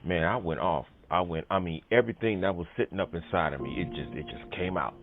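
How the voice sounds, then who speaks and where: A man with a very deep voice recounts a story in loose, casual talk, full of fillers and punchy spoken sound effects. He is heard through a thin, phone-like line, with clear music playing behind him. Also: quick pace. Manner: rambling storytelling with many fillers and emphatic "boom" sound effects. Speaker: channel host telling a personal story.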